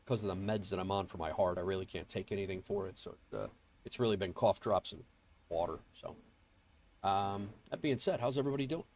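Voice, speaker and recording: A congested man hosts a flight sim livestream, his voice a little low and stuffy from a cold. He rambles along in casual chat, full of fillers and false starts, calling out viewers by name. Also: brisk, darkish tone. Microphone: earbuds mic.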